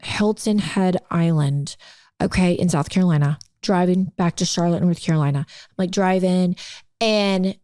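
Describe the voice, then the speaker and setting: A young woman cohosts a laid-back podcast, animatedly telling a story and acting out the quotes. Her voice sits on the low side, her pace is moderate, and the recording is dry.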